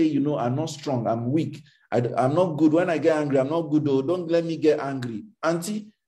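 Animated male life coach, emphatic teaching. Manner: animated, acts out quoted dialogue with big pitch jumps; emphatic and repetitive, faith-infused. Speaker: coach answering audience questions. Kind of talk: motivational teaching session.

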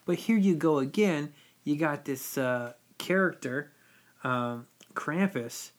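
A man's voice: fairly high pitch, slow. A man co-hosting a casual podcast chat, dropping wry, sarcastic asides between explanations. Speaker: podcast co-host.

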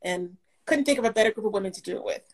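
A woman guest in a casual book chat, talking with a warm manner and frequent laughter. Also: mid-range voice, animated, rapid-fire, low-quality recording.

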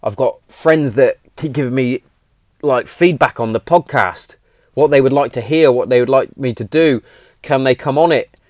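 A man's voice: medium pitch, moderate pace, darkish tone, no echo, studio quality. A man in his thirties hosting his own podcast, talking in an earnest, emphatic, rambling way and swearing freely. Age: 30s. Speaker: podcast host. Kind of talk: casual heartfelt monologue. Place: home shed.

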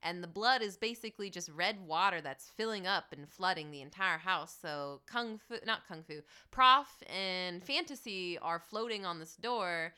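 A woman co-hosts a podcast and walks through a film's scenes in a chatty, animated way. Her voice is bright and crisp. She keeps the talk lively with playful asides. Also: on the low side, normal speed, few pauses. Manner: animated storyteller, playful sound effects. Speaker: podcast co-host. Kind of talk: casual chat recapping a film.

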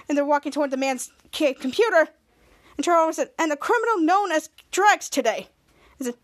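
A woman's voice: high voice, lively intonation, brisk. A woman hosting a podcast, retelling a TV episode in a rambling casual way, often repeating herself. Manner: rambling, repeats "somehow" and "cut to". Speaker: podcast host.

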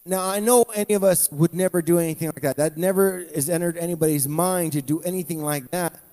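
Male pastor, mellow voice, slightly high, casual preaching, long hall reverb. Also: steady tone, brisk. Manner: conversational preaching, restarts and asides to the congregation. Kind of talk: sermon.

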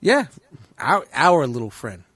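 A man co-hosting a casual podcast, rambling and swearing freely between laughs. His voice is bright and slightly high for a man, with pitch that jumps around a lot. The sound is close and dry. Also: very animated, unhurried, slightly rough, no room sound. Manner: profane, rambling, laughs often. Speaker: podcast co-host. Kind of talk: casual chat.

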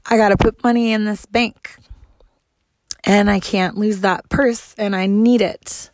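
A woman's voice: medium pitch, steady tone, unhurried, no room sound, natural voice. A woman putting on the voice of a frantic elderly woman who is pleading and near tears over a lost purse. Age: older.

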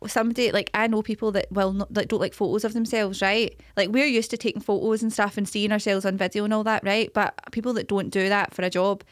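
Woman talking super fast on a podcast, dead dry sound, blunt. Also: mid-range voice, flat delivery, no echo. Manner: matter-of-fact, blunt, laughs easily. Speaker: podcast co-host. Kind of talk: casual chat.

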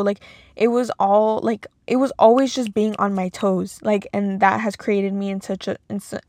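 A woman's voice: medium pitch, flat delivery, normal speed, a little mellow, dry recording, studio quality. A young woman hosting a podcast, talking casually and emotionally about her past with lots of "like"s. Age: young adult. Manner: casual, emotional, filler-heavy with many "like"s. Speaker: podcast host. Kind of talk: personal monologue.

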